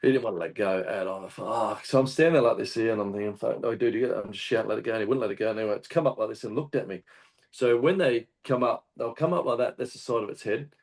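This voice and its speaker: A man with an Australian accent, a hunting guest telling a story in casual chat, animated and swearing often. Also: fairly low pitch, fast. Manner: animated, swears often, acts out shouted quotes. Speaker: guest hunter.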